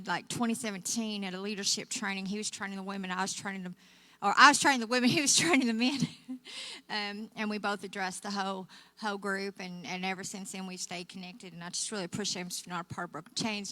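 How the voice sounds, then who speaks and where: A woman's voice: medium pitch, no room sound. An older woman from Oklahoma with a Southern twang, telling her personal story to a church audience in a folksy, chatty way. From Oklahoma, USA. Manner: warm folksy storytelling, frequent laughs and fillers. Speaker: guest speaker. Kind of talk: testimony talk to a church audience.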